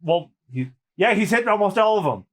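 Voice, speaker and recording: Male co-host, middle pitch, animated, narrates comic panels with fillers. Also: brisk. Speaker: podcast co-host. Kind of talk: reading a comic aloud with voices.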